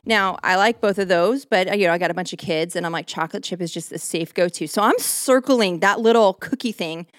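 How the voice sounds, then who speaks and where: Animated woman ranting on a podcast. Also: on the low side, brisk, few pauses, dry recording, clean studio sound. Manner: animated storytelling rant. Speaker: podcast co-host. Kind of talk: casual podcast chat.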